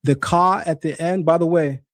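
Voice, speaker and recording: Hosting a streamed debate on how Hebrew is pronounced, this man keeps correcting his guest with insistence. His voice sits on the high side, even in tone and moderate in pace, with no room sound on a screen-sharing stream setup.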